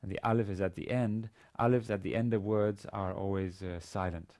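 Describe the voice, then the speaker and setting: A man lecturing on a language lesson, speaking haltingly with many fillers and restarts. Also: on the low side, fairly even intonation, a little mellow. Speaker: university lecturer.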